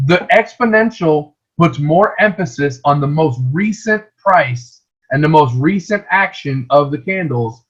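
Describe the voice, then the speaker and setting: Man, husky voice, slightly high pitch, dull lo-fi sound, patient chart lesson. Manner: explains patiently, repeats words, asks "right?" often. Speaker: trading teacher. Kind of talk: screen-share lesson.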